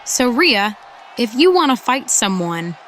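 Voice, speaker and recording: A woman voicing a slow, bright, cocky surfer wrestler. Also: a little high, very animated, a faint crowd, a little hiss or hum. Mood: taunting. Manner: taunting, confident. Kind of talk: wrestling promo in a fan-voiced game story.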